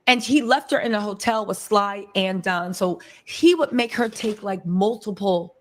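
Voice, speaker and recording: A woman giving casual commentary, animated and chatty, talking straight to her audience. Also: mid-range voice, slight background noise. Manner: animated, talks in quick asides to the audience.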